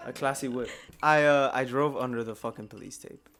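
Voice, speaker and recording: A young man co-hosting a podcast tells a story in a laid-back, profane way, laughing often and saying "like" constantly. His medium-pitched, fairly bright voice stays fairly even and moves fairly quickly.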